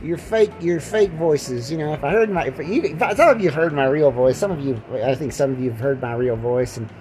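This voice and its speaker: A man hosts a casual podcast while lying down indoors, rambling, repeating words, and joking around. His voice is a little high with a darkish tone, and he talks briskly. The recording quality is low.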